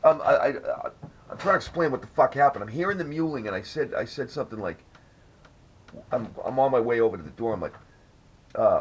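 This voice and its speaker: A man's voice: mid-range voice, lively intonation, brisk, slightly rough. A man hosting a casual podcast, telling a rambling, profanity-laced story. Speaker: podcast host. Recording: dull lo-fi audio with faint noise.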